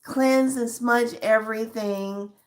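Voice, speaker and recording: A middle-aged woman vlogger telling a personal story to her viewers in an animated, emotional way. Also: on the high side, slow pace. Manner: emotional, animated retelling with acted quotes. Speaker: spiritual vlogger.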